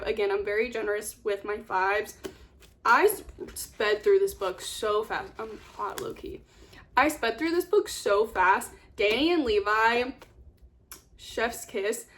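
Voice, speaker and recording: A young woman vlogger chatting casually about books she read, gushing and rambling, repeating words for emphasis. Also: a little high. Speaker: book vlogger. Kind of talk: casual book review chat.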